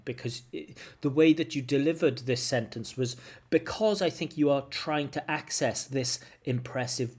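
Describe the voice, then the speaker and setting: A man's voice: medium pitch, darkish tone. A man, an IELTS examiner, giving frank spoken feedback on a candidate's answers and humming syllables to show intonation. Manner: frank, corrective, demonstrates intonation with hummed syllables. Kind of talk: recorded feedback lesson.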